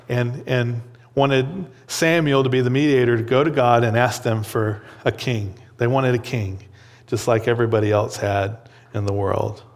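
Man, Bible lesson, conversational, repeats words, middle pitch, long hall reverb. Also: clear, resonant tone. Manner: conversational, checks in with "okay?" and "right?"; repeats words while thinking. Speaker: Bible teacher.

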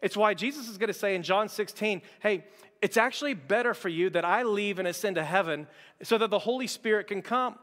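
A man preaches with a high voice, talking to his church in a chatty but emphatic way, often repeating words as he builds a point. His voice carries the long reverb of a large hall. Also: fairly quick, fairly bright tone. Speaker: pastor. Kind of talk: sermon.

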